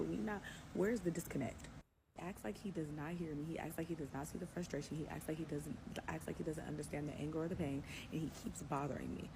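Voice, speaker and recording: A woman telling a personal story in an animated, emphatic way, repeating herself for effect. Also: low voice, vocal fry, background noise.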